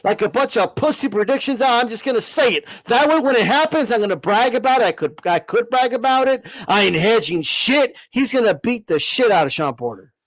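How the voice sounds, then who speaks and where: A brash male boxing host who curses freely and hammers his points home. His voice sits high and moves a lot in pitch. The sound is dry and close. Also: lively intonation, brisk, few pauses, fairly bright tone, no room sound. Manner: brash, profane, emphatic, repeats for effect. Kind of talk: livestream rant.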